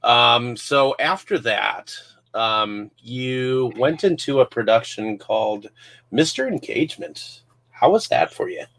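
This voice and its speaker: A man hosting an interview, asking questions in a halting way with many fillers. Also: medium pitch, animated, vocal fry, a bit bright. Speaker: host. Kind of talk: casual interview.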